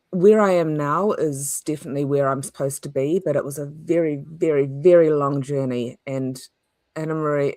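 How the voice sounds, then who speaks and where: A woman talking as a guest over a video call, thoughtful and candid, with some halting restarts. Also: sits low, no echo. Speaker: interview guest.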